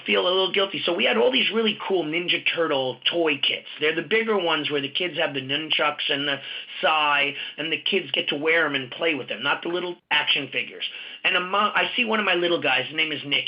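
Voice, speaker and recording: Man, business coach, animated storyteller, slightly high voice, muffled lo-fi audio. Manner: animated storyteller, acts out quoted dialogue. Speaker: martial arts school owner and business coach. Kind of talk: audio interview, conversational.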